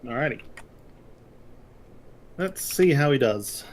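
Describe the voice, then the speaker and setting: A man's voice: mid-range voice, animated, takes it slowly. A man playing in a tabletop game, making wry quips. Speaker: player. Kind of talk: tabletop role-play.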